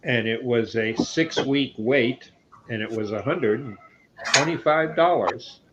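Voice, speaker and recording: A man telling a woodturning story on a video call, slow and unhurried, stopping often to find his words. His mid-pitched voice sounds dull and lo-fi, with steady background noise behind him. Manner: slow, hesitant, many pauses. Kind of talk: casual chat on a video call.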